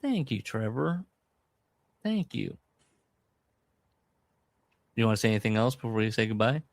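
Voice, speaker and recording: A man's voice: moderate pace, creaky, no room sound. A man co-hosting a podcast in casual comedic chat, joking around and trying impressions. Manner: jokey, tries impressions, lively pitch swings. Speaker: podcast co-host.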